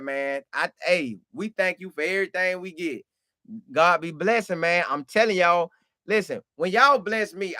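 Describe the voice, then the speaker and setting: A high-pitched man hosts a live stream, reading comments aloud and thanking viewers. His voice is bright and forward, and he talks loosely with sermon-like asides. The sound is dry and close. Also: no room sound. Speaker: podcast host reading live chat. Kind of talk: casual live-stream chat.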